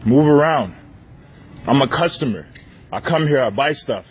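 A man filming on his phone inside a large store, loudly and insistently confronting staff who follow him. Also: medium pitch, lively intonation, moderate pace, slightly rough. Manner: loud, insistent, repeating demands. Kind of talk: heated filmed confrontation. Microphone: handheld phone recording.

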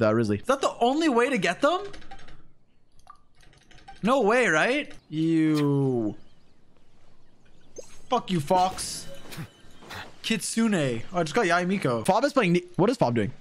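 A young man streaming games, chatting casually with his viewers, animated and quick to swear as he banters with chat. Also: high voice.

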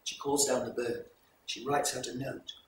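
A man presenting a folk performance, retelling the tale to a live audience in a measured, explanatory way. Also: medium pitch, fairly even intonation, noisy background. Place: live event hall. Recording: echoey hall recorded from far off.

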